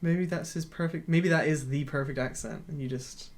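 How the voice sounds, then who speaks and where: Gravelly-voiced man giving blunt film opinions. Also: fairly high pitch, moderate pace. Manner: opinionated, matter-of-fact verdicts. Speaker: film podcast co-host. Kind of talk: casual film discussion.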